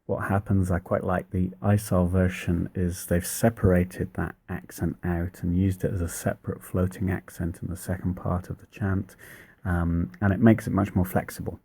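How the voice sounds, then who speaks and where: Low, gravelly, unhurried man explaining chant. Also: level tone, dark tone. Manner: thoughtful, hesitant, many pauses and fillers. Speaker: church music teacher. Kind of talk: informal spoken lesson on chant.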